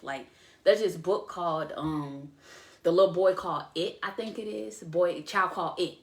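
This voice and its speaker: A woman podcast host telling a painful personal story, halting and emotional, with many restarts. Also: fairly low pitch, reverberant.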